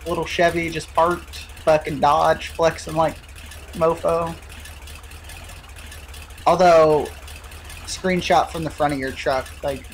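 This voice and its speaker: A man's voice: fairly high pitch, a little hiss or hum. A young man chatting casually and profanely with a friend while playing a game, laid-back and joking. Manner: profane, laid-back banter with frequent laughs. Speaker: gamer streaming co-op play. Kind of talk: casual gameplay chat.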